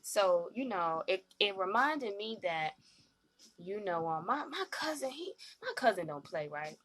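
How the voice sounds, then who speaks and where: A woman hosting a live-stream talk show, animated and slangy, often acting out what other people said. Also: mid-range voice, a little slow. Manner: animated, slangy, acts out quoted voices.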